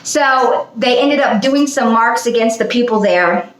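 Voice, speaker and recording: A woman's voice: a little high, a little slow, roomy sound, rough recording. A woman hosting her own channel, talking in a casual spoken monologue, chatty and often breaking into laughs. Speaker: channel host.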